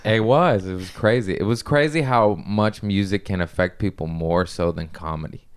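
A man hosting a casual podcast, telling loose, profane stories and acting out quotes with a lively voice. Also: lowish voice, moderate pace, smooth. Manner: loose storytelling, swearing, lively impressions in quotes. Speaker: comedian podcast host. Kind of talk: casual chat.

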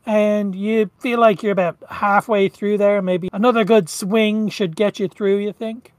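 Woman GM, slow measured narration, dry close sound. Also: medium pitch, fairly even intonation, a little mellow, dry recording. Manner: measured, descriptive narration with laughs. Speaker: game master. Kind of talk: narrating a tabletop game.

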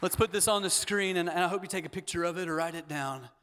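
A man preaching a sermon as pastor, leading the congregation in repeated declarations and swinging from hushed asides to loud, emphatic lines. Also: high-pitched, fast talker, a little hiss or hum. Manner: leads call-and-response repetition. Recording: long hall reverb.

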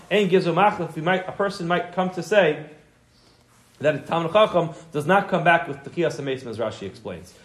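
A man teaching a Talmud class, reading phrases aloud and then explaining them in English, often restarting his sentences. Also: on the high side.

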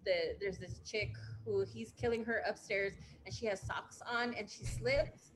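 A woman in her thirties, chatting and storytelling in an animated way, swearing and acting out what people said. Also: medium pitch, measured pace. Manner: animated, swearing, acts out quotes. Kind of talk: casual chat, storytelling. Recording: noisy room.

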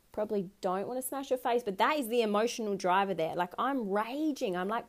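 A woman's voice: mid-range voice, fairly quick, few pauses. Aussie woman on a podcast, bubbly and cheeky, drops swear words, casual chat about love stuff. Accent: Australian. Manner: energetic and playful, swears freely. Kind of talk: casual talk on relationships.

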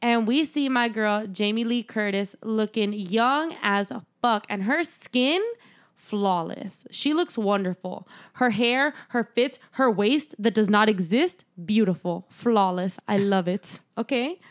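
A woman's voice: mid-range voice, slow. A young woman casually recapping a horror movie with a co-host, chatty, laughing often and swearing freely. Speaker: podcast co-host.

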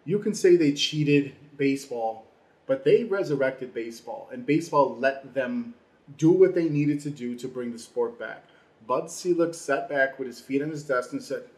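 Man from Chicago, casual sports co-host, animated, echoey room. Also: normal speed. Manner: animated, mimics people in high voices. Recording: roomy echo.

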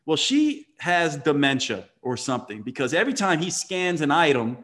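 A man's voice: a little high, big pitch swings, moderate pace, a bit bright. A man telling a motivational story in conversation, earnest and emphatic, often restarting his sentences.

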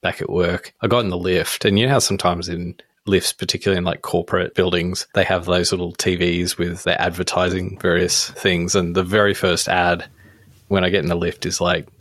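A man's voice: low-pitched, flat delivery, a little fast, a bit bright, no room sound, clean studio sound. A man, co-hosting a podcast, telling rambling stories full of fillers. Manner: rambling storyteller, many fillers. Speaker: podcast co-host. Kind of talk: casual chat.

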